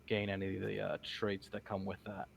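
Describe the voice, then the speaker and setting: Man, tabletop player, low voice, halting fillers, faint hiss behind. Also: monotone, creaky. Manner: halting, filler-heavy explaining. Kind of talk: casual tabletop game chat.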